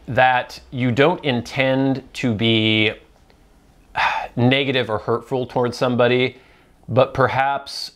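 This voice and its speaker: Male host, casual solo show, rambling, self-deprecating, conversational, mid-pitched voice. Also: fairly bright tone. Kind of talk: casual solo show answering viewer questions.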